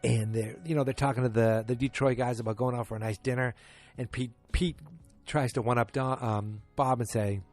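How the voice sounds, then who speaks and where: A man's voice: medium pitch, fairly even intonation, fairly quick, a little mellow, faint music behind. A man hosting a podcast who recaps a show episode in a casual, rambling way, correcting himself and loosely acting out what characters said. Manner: rambling, self-correcting, acts out quotes loosely. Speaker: podcast host.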